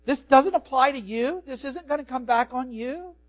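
A man, a pastor, preaching a sermon with animated swings from soft to loud. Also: very high voice, normal speed. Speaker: pastor and professor.

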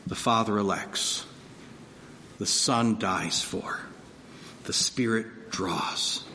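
Guy preaching a sermon, slow deliberate delivery, big echoey church hall, faint room noise. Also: on the low side. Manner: dynamic preaching, swinging from soft to loud emphasis. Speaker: pastor. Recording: long hall reverb, faint ambience.

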